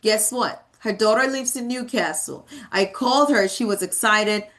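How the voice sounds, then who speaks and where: A thirties-aged woman delivers a motivational realtor training talk at normal speed, her medium-pitched voice a bit bright. She recounts anecdotes from her work emphatically, returning to key words again and again.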